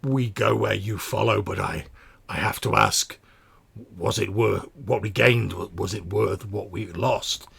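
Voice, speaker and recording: A man's voice: lowish voice, measured pace, creaky, a bit bright, slightly rough, full character voice. A man voicing a small, fearful, regretful male mutant who stammers and pleads. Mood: uneasy.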